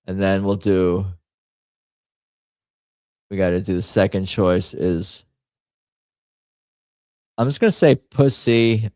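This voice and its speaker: A man's voice: sits low, steady tone, slow pace, long pauses, darkish tone, smooth, no echo. A man hosting a casual livestream, rambling and muttering to himself as he types up a poll. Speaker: host.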